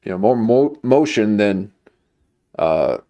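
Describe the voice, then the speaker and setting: A man's voice: on the low side, animated, slow pace, mellow. A man streaming, chatting casually in a rambling, jokey way. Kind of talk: casual chat.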